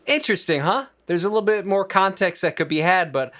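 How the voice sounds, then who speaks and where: A man giving a casual home-recording tutorial in a relaxed, chatty way with friendly asides, speaking into a studio microphone. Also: sits high, a little fast, over loud music.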